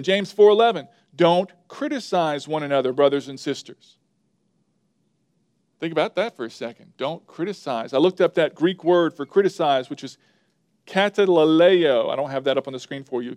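A man's voice: fairly high pitch, expressive, normal speed, darkish tone, dry recording, clean studio sound. A man preaching a sermon as a pastor, stressing and repeating his key words as he works through a numbered list. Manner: emphatic, repeats key words and lists points.

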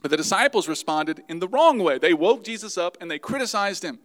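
A man preaching a sermon to his congregation, lively and acting out the voices he quotes. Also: sits high, fairly quick. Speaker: pastor.

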